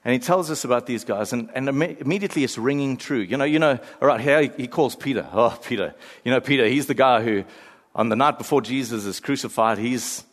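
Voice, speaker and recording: Animated preacher in a reverberant hall. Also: male voice, medium pitch, brisk. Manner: animated storyteller, acts out quoted voices with laughs. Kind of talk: sermon.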